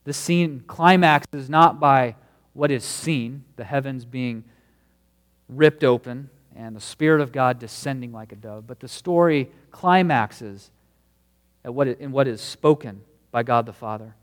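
Male pastor, earnest sermon, emphatic stresses, mid-pitched voice, long hall reverb. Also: measured pace. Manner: earnest, emphatic preaching with stresses on key words.

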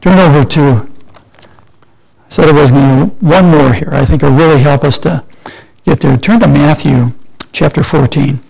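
Older guy preaching, gravelly voice, kinda high, asks the room questions then answers them. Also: unhurried, pauses often, a little mellow, low-quality recording. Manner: conversational, asks and answers his own questions. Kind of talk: sermon.

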